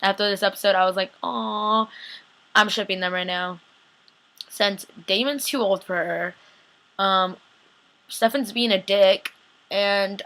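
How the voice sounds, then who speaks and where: Young woman gushing about last night's episode, bright voice, does little voices for everyone. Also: lowish voice. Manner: gushing, chatty, quotes characters in bits of voices. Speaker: TV recap vlogger. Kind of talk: casual episode recap.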